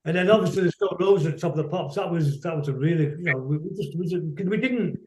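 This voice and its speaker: A middle-aged man, a musician telling rambling, anecdotal stories as a guest on a video call, quick to laugh. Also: fairly high pitch, a little mellow, reverberant. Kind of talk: casual storytelling interview.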